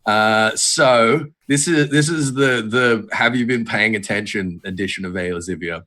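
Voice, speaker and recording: A man with a fairly low voice and a bright, forceful edge hosts a quiz on a casual podcast. He rambles, trips over his own words and swears freely. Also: moderate pace. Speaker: quiz host.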